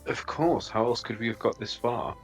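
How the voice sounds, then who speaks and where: A man voicing a genteel, smooth-talking male adventurer who speaks with overly polite, formal phrasing. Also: mid-range voice, moderate pace, faint music behind, close to an everyday voice.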